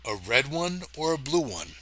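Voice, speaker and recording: A man voicing a huge, brawny male space ranger in a storybook reading, gruff and teasing, in a mostly plain voice. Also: medium pitch, sing-song, moderate pace, bright, forceful tone, rough recording. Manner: gruff, teasing, meant as Irish but plain.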